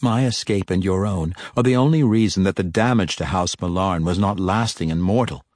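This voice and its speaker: A man's voice: sits low, fairly quick, a little mellow, no room sound, clean studio sound, lightly acted. A man voicing a scheming female drow first priestess who insists on her loyalty in an earnest, raised tone. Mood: measured. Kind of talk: audiobook character voice.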